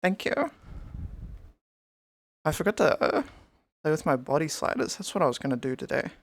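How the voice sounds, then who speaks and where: A woman's voice: sits low, sing-song, moderate pace. A young woman live-streaming in casual chat, rambling and greeting her viewers by name over a headset mic.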